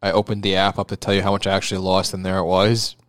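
A man co-hosting a podcast, chatting casually in a rambling, deadpan way and laughing often. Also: deep voice, fast. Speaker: podcast co-host. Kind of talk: casual chat.

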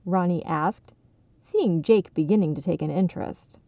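A woman reading a children's story aloud as narrator, in an expressive, measured way. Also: on the low side, no room sound. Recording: tinny phone-like sound, dry.

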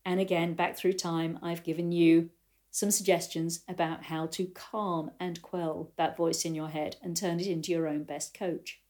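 A woman's voice: lowish voice, normal speed. An older woman, a riding coach, giving a reflective talk to riders and telling stories in a thoughtful way. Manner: thoughtful, storytelling, animated quotes.

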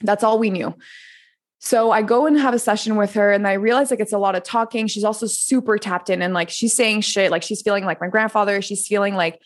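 A French woman in her thirties, a guest on a podcast, tells her story candidly and chattily in a casual interview, peppering it with "like" and swearing freely. Her mid-range voice has fairly even intonation and moves a little fast.

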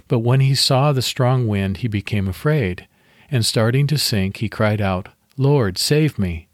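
A man hosting a devotional podcast, reading scripture slowly and leading a guided meditation. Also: medium pitch, no room sound, studio quality.

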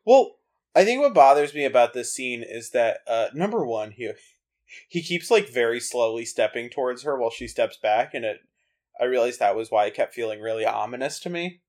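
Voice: mid-range voice, lively intonation, brisk, darkish tone. A co-host in casual chat about a TV episode, talking thoughtfully with many hesitations. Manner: thoughtful, hesitant, full of ums. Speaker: podcast co-host.

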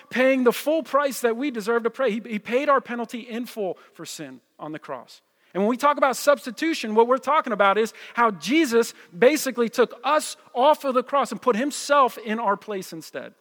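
Guy preaching a sermon, kinda high voice, lots of echo from the church hall, chatty, keeps saying right?. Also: animated, normal speed, fairly bright tone. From New Jersey. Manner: conversational, repeats words, keeps checking in with "right?". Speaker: pastor.

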